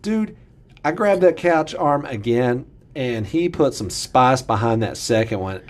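A middle-aged man telling a story in casual chat, animated and acting out quoted lines with big jumps in pitch. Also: a little slow.

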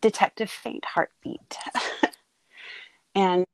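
A middle-aged woman telling her daughter the story of her birth in a casual, heartfelt talk, halting and full of fillers. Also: mid-range voice, steady tone, gravelly, slight background noise, low-quality recording. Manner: tender, halting, with many fillers and laughs.

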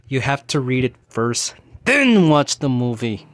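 A man's voice: mid-range voice, lively intonation, moderate pace, no room sound. A man in his thirties hosting a casual solo talk show, rambling and ranting, with many restarts and fillers. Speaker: podcast host.

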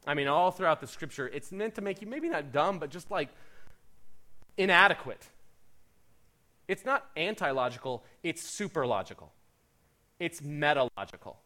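A man pastor preaching a sermon in an animated, conversational way with playful asides. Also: a little high, moderate pace, long pauses.

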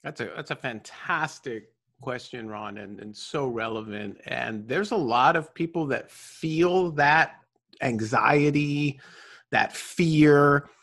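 A man speaking as an interview guest, giving motivational advice in an energetic, preachy way with frequent "right?" tags. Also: medium pitch, slow. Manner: energetic, preachy, tag questions. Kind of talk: motivational conversation.

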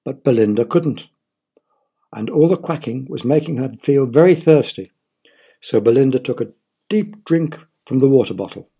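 A man narrating a children's story in a playful, engaging way, pausing to ask his young listeners questions. His voice is husky and breathy, sitting at an ordinary middle pitch for a man. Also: animated, warm tone.

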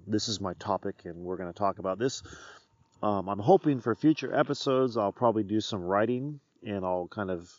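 A man's voice: lowish voice, no echo. Middle-aged male host rambling outdoors, dry and slightly dull audio. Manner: rambling, candid, jokey. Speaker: podcast host, former teacher. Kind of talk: rambling casual monologue. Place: outdoors on a hillside.

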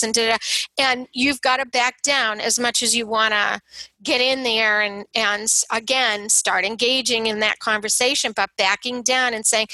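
A woman speaking in a thoughtful, earnest way, her voice bright and a little high. She leans into quoted lines as she talks them through. The sound is close and dry. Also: normal speed, dry recording, low-quality recording. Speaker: parent of a son with substance use. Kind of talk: casual conversation on recovery support.

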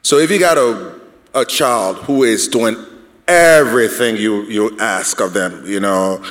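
A man's voice: fairly low pitch, a little slow, fairly bright tone, long reverb tail. A man speaking as a panelist at a church discussion, earnest and repeating himself as he builds a point.

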